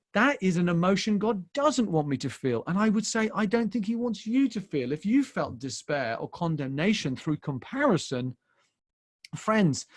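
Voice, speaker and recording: Impassioned pastor, fairly high voice. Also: male voice, dry recording, studio quality. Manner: impassioned, shifting between hushed and loud emphasis; storytelling, personal and tender. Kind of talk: sermon. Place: church.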